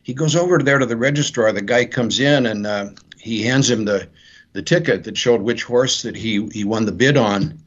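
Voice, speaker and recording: A man with a mid-range voice, an author guest in an interview, retells his novel's plot at a moderate pace, rambling and acting out lines. The sound is dull, muffled lo-fi.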